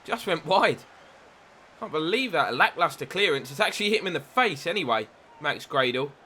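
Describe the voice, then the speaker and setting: A young man giving excitable play-by-play commentary on his own football video game match, with asides about his tactics. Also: on the high side, fairly quick, a little hiss or hum. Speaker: gaming YouTuber.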